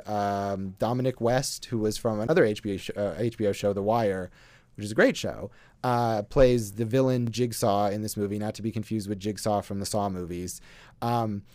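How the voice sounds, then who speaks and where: A man's voice: mid-range voice, a little mellow, no echo. A man casually reviewing films as co-host, wry and rambling with many fillers. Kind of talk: casual movie review chat.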